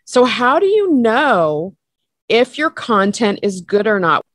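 A woman interviewing a radio host, asking measured, inquisitive questions. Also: a little high, big pitch swings, dry recording, studio quality.

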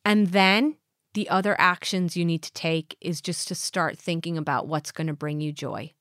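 A woman's voice: fairly low pitch, moderate pace, fairly bright tone, no echo, studio quality. A woman hosting a motivational podcast, talking in an earnest coaching way with many rhetorical questions. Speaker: podcast host.

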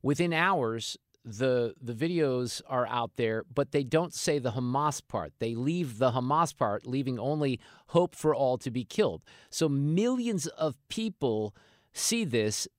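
Animated, sarcastic male radio host. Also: medium pitch, a little slow, no echo, clean studio sound. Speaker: radio talk show host. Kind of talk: opinionated talk radio commentary.

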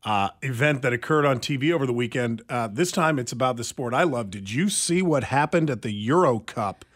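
A middle-aged man co-hosting a talk show, telling a story with stammered restarts and lively bursts. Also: mid-range voice, fairly quick. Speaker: radio show co-host. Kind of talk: casual chat.

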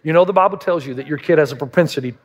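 A pastor preaches an emphatic sermon loaded with rhetorical questions, speaking very fast in a fairly high-pitched voice. The long reverb of a large hall surrounds his words.

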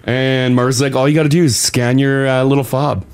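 A man's voice: mid-range voice, fairly quick, clear, resonant tone. A man co-hosting a radio show, telling a story in casual chat and acting out other people's lines. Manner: animated storyteller, acts out voices. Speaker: radio co-host.

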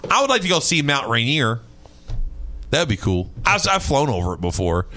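A young man from Kentucky co-hosting a sports talk radio show, ranting and excitable, quick to shout. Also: medium pitch.

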